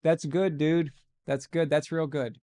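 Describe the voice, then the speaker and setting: A man hosting a live stream, reacting to a football game with jokes and excited, casual commentary. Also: a little high, unhurried. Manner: joking, excitable, swears casually. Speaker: livestream host.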